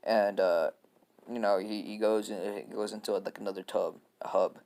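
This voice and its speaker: A man tells a story off the cuff, stopping often on fillers and restarts. His voice sits low and gravelly. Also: fairly even intonation, moderate pace, darkish tone. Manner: hesitant, lots of fillers. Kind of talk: casual improvised storytelling.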